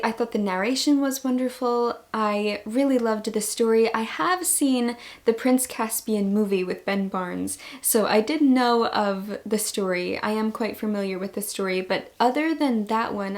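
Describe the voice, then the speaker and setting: A young woman talks straight to her viewers in a relaxed book review vlog. Her voice sits a little high, and she gushes about every story she loved. The tone stays friendly and chatty throughout. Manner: gushing, enthusiastic. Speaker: book vlogger.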